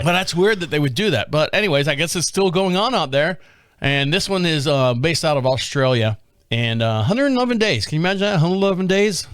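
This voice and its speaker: A man's voice: high voice, expressive, fairly quick, fairly bright tone, clear, resonant tone, no echo, studio quality. A man hosting a podcast, reading news aloud in a casual way, stumbling over words and adding jokey asides. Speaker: podcast host.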